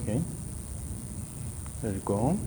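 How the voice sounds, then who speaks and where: A man's voice: on the low side, lively intonation, takes it slowly, background noise. A man working as a golf coach in a live session, calling out short repeated drill cues and then explaining the movement.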